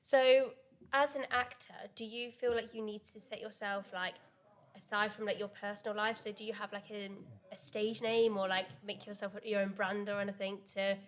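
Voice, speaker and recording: A woman with a mid-range voice hosts a casual podcast interview. She asks friendly, encouraging questions in a relaxed chatting style. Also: medium pitch, normal speed. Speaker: podcast host.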